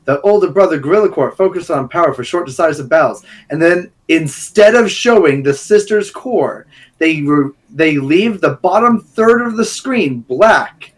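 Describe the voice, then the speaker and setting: A man's voice: fairly high pitch, expressive, normal speed. Cocky young man arguing. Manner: cocky, insistent, teasing. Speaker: podcast co-host. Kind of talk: casual argumentative chat.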